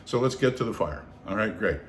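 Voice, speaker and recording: A man from Seattle telling a long story in casual conversation. He is animated, acts out the voices of the people in it and swears freely. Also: fairly low pitch, a little fast. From Seattle, United States. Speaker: storyteller on his own show. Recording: roomy echo, faint background noise.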